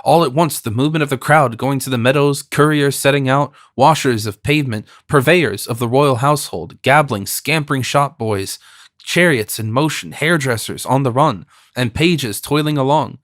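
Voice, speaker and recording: A man narrating a classic novel as an audiobook in a measured, steady reading. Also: mid-range voice, dry recording, clean studio sound.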